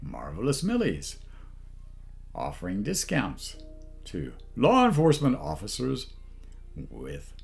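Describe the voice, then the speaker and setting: A man's voice: medium pitch, wildly swooping pitch, slow, gravelly, pauses often, faint music behind. A man hosting a comedy channel, talking down to his viewers in a haughty, put-on posh voice as a mock-pompous monologue.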